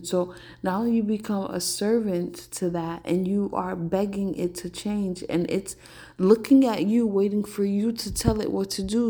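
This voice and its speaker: A woman hosting a podcast, talking in a relaxed, conversational way and telling stories with lots of "like"s. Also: on the low side. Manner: animated storytelling. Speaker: podcast host. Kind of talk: casual spiritual talk.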